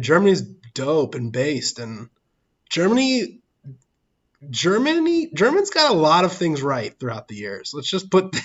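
Guy rambling on his livestream, laughs a lot, middle pitch, kinda muffled lo-fi audio. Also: fairly bright tone. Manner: rambling, laughs often, thanks chat viewers. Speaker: livestream host. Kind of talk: casual livestream chat. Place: church, public place.

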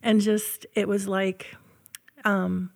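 A woman's voice: mid-range voice, flat delivery, slow pace, gravelly. A woman co-hosting a casual interview, enthusiastic and rambling, full of fillers. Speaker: co-host.

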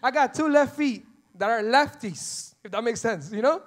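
A man preaching a sermon, animated, acting out little dialogues with God and repeating phrases for emphasis. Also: extremely high pitch, moderate pace. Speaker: pastor.

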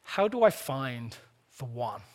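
A man's voice: medium pitch, very animated, slow pace. A man preaching a sermon, earnest with playful asides, often repeating the first word of a phrase. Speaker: pastor.

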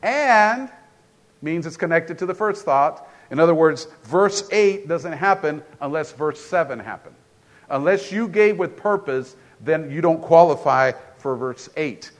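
Conversational preacher man, slightly high voice. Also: lively intonation, measured pace. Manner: conversational preaching with repetitions and restarts. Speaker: pastor. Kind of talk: sermon. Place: church.

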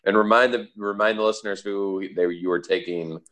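A man's voice: lowish voice, steady tone, brisk, fairly bright tone. A man hosting a casual podcast, steering the conversation with questions. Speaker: podcast host. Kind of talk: casual chat.

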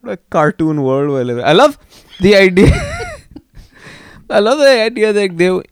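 Podcast co-host, a man who riffs and jokes constantly, with a hugely swinging pitch and a dry, close sound. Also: wildly swooping pitch, measured pace, smooth, no room sound. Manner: joking, riffing, laughs often. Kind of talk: casual comedic chat.

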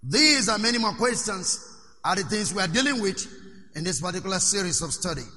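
A male preacher with a high, very bright and ringing voice. He keeps asking his congregation questions and prompting them to answer. His voice carries a long reverb from a church hall. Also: sing-song, fairly quick. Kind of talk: sermon.

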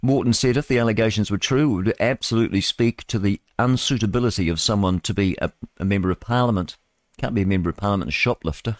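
A man's voice: on the low side, quick pace, no echo. A male radio host, reading news items and adding rambling, mocking commentary with chuckling asides. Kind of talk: solo talk radio commentary.

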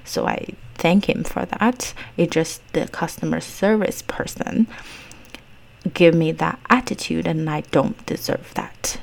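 A woman with a Mandarin accent, a native Mandarin speaker, telling a personal story to her viewers in an earnest, reflective way and sometimes dropping into soft, near-whispered asides. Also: deep voice, a little slow, gravelly. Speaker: vlogger.

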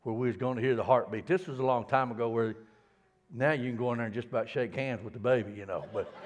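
A middle-aged man preaching a sermon in a folksy, stammering way, dropping to a hush and then building loud. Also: medium pitch, fairly even intonation, quick pace, background noise. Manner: folksy, repeats words, swings from hushed to loud. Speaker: pastor.

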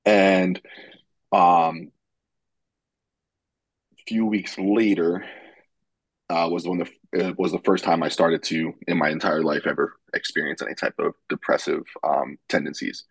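A young man from New York with a low, husky voice talks candidly as a podcast guest. He swears freely and fills his pauses with ums. The sound is dry and close. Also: steady tone, no echo, poor audio. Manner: frank and swears casually, with frequent um fillers. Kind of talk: casual candid chat.

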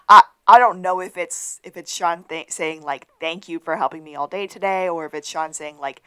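A woman's voice: on the low side, normal speed, smooth. Woman animatedly retelling a TV episode. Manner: animated retelling, acting out quotes. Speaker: podcast co-host. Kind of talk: casual recap chat.

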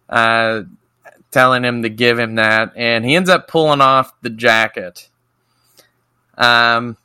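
A man co-hosting a podcast, recapping a TV episode in casual, profane chat and mimicking characters in squeaky voices. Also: sharp tone, clear, resonant tone, no echo. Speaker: podcast co-host.

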